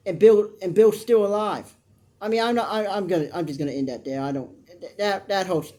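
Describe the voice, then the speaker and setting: A reviewer recapping a soap opera in an easygoing, rambling way, drifting into tangents and restarting sentences. They give blunt opinions and slip into mock voices for the characters. The voice sits at a middle pitch. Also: a little mellow. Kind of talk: casual recap commentary.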